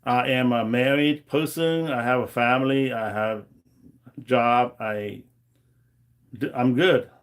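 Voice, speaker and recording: Slow-talking man hosting a livestream. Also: medium pitch, steady tone, clean tone. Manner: rambling storytelling with many fillers. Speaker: livestream host. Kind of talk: casual livestream chat.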